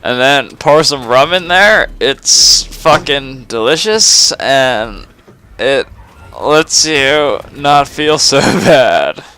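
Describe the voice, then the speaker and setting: Tipsy late-teen guy, slow and rambling, crisp bright voice, swears and sighs between lines. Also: medium pitch, lively intonation. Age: late teens. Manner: rambling, profane, laughs and sighs between phrases. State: tipsy from drinking. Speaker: gamer recording a personal vlog. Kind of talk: rambling confessional monologue.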